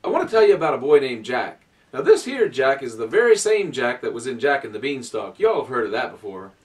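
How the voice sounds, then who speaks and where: A man's voice: mid-range voice, recorded from a distance. A man telling folk tales to children in a folksy, dramatic way. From Virginia, USA. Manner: animated, folksy, dramatic pauses. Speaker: storyteller. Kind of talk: oral folk storytelling to children.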